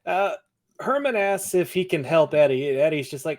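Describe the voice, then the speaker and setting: A man co-hosting a podcast, chatting loosely through an episode recap and breaking into laughter between points. His voice sits a little higher than most men's. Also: expressive, moderate pace. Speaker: podcast co-host. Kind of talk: casual chat recapping a TV episode.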